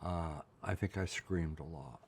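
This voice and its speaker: A man's voice: deep voice, a little slow, a little mellow, a little hiss or hum. An older man from Pennsylvania, telling his life story in an interview, blunt and emotional, often checking in with "right?". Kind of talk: candid personal storytelling.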